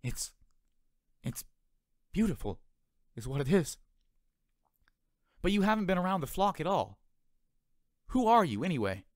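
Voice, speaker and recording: A man voicing a restless young male seagull who calls out in loud, excited bursts, in a storybook reading. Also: a little high, takes it slowly, pauses often, husky, dry recording, studio quality, pitched above the performer's own voice, heavily acted. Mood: eager. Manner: loud excited outbursts, calling out.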